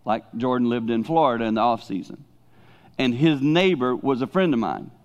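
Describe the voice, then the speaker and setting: A middle-aged male pastor preaching a sermon in a loose, conversational way. His pitch sits in a middle register, and he often drops to hushed tones for emphasis. The recording sounds dull and lo-fi. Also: lively intonation, normal speed. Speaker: pastor and speaker.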